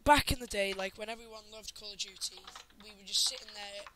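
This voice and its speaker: A man's voice: sits high, steady tone, brisk, crowd noise, poor audio. A teenage boy, chatting and telling a story in a jokey manner with lots of laughter. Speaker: podcast co-host. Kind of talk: casual storytelling.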